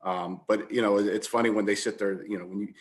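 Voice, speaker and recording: A man who plays guitar, chatting casually and halting with many restarts. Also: on the low side, fairly even intonation, a little hiss or hum. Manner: halting, repeats words and restarts a lot. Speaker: guitar player in the conversation. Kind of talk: casual chat.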